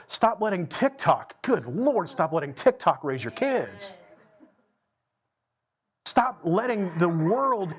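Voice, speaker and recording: Emphatic preacher with a higher-pitched male voice. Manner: emphatic, repeats phrases for stress, shifts between slow and fast delivery. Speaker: pastor. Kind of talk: sermon. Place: church sanctuary.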